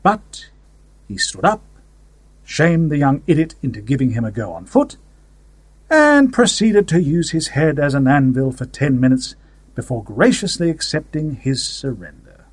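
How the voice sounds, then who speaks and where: A man with a husky, slightly breathy voice reads a story in the first person, wry and conversational. His delivery swings lively up and down in pitch, and the recording is close and dry with no room sound. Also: no echo. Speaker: story narrator. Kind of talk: audiobook fiction reading.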